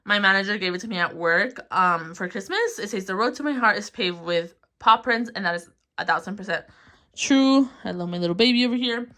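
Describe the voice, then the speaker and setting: A woman's voice: mid-range voice, a little fast, sharp tone. A young woman in her twenties giving a casual, rambling room tour of her small bedroom, giggling often and filling gaps with ums and likes. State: a bit out of breath. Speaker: vlogger.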